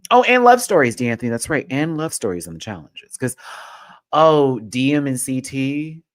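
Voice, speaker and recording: A man hosting a casual livestream, talking in a sassy, slangy way that swings from hushed asides to loud, emphatic pleas. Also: mid-range voice, normal speed, no echo. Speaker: host.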